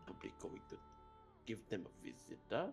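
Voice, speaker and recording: A man playing a tabletop role-playing game, speaking in character in a halting way. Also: on the low side, creaky, slightly rough. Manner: slow, halting, lively intonation. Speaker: player. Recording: faint background music.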